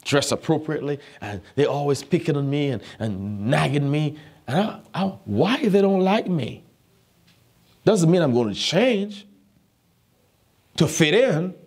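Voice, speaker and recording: A man's voice: fairly high pitch, animated, a little slow, a little mellow, breathy edge. A man, a pastor who is not a native English speaker, preaching a sermon with emphatic repeated phrases, often asking his listeners whether they are listening.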